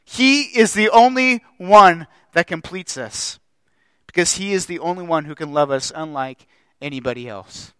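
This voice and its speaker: A man's voice: fairly high pitch, moderate pace, a bit bright, clean tone, no echo. A young adult man preaching a sermon as pastor, impassioned and building through repeated phrases.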